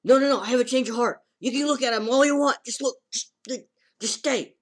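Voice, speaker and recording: A man's voice: very high voice, a little fast, pitched above the performer's own voice. A man doing a bossy, teasing young woman.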